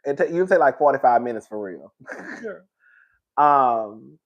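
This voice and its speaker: Brief: male streamer, lively pitch, loud over-the-top delivery, laughs a lot, casual slang. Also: a little slow, lo-fi sound. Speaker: livestream host. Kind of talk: casual live-stream chat.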